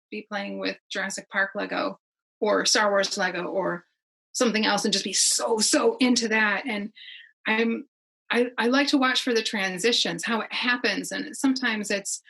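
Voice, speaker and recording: A middle-aged woman talks easily as a podcast guest, rambling from one thought to the next and breaking into laughs. Her voice is husky and a little breathy. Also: mid-range voice, bright, forceful tone, low-quality recording. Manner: chatty, rambling, laughs often. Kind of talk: casual conversation.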